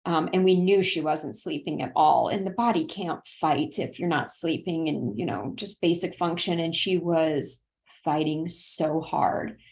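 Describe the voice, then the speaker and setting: A woman's voice: deep voice, a little slow, a little mellow. A woman in her thirties from South Carolina, a podcast guest telling an earnest, tearful personal story. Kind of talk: personal conversation.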